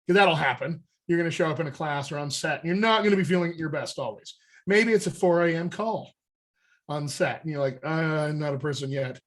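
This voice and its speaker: A man from the United States who coaches voice and dialect, explaining accent technique in an energetic, conversational way and checking in with "all right?". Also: on the high side, fairly quick. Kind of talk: coaching talk on a group call.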